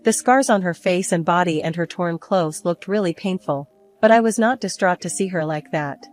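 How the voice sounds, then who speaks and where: An older woman calmly narrating a story in the first person. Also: lowish voice, normal speed, faint music behind. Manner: calm, even storytelling. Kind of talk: scripted narration.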